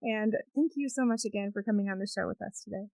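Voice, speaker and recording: A woman's voice: medium pitch, fast talker, creaky, a little mellow, dry recording, rough recording. A woman hosting a podcast, reflecting on the talk and wrapping up the episode with sign-off notes. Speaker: podcast host. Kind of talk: podcast interview and outro.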